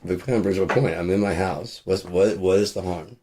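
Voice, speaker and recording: A man with a lowish voice rants off the cuff, swearing freely as he goes. He rambles from point to point, and his tone is sarcastic and mocking. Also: fairly quick, dark tone, slight background noise. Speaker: podcast host. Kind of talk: casual profane rant.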